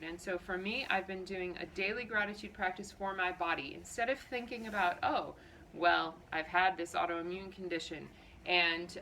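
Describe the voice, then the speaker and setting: A woman talking earnestly to camera, telling a personal story and sharing how she copes with fear, expressive and reflective. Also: fairly low pitch, slight background noise, low-quality recording. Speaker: vlogger sharing personal coping strategies.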